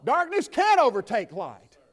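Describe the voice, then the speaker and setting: A man's voice: very high-pitched, wildly swooping pitch, a little slow. A man preaching a sermon with an impassioned, repetitive cadence.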